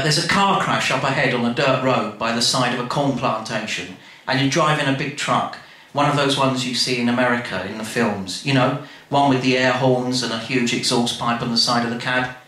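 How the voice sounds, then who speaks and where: A man telling a comic story in a chatty, animated way, speaking straight to the listener. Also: medium pitch, normal speed. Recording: very echoey room, faint noise.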